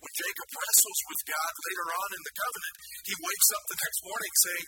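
Animated male preacher, noisy recording. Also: high-pitched, brisk. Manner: animated, asks the congregation questions. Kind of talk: sermon. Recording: loud background noise.

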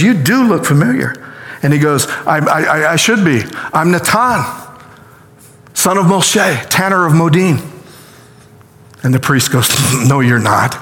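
A man preaching a sermon as a story, acting out the quoted lines with lively energy. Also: fairly high pitch, long reverb tail. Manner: animated retelling with acted-out quotes. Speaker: pastor.

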